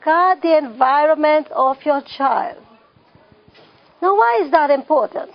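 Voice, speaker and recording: This woman's high, gravelly voice has lively intonation and a measured pace, captured with lo-fi sound. Teaching a parenting class, she asks the audience questions and repeats the main phrases to stress them.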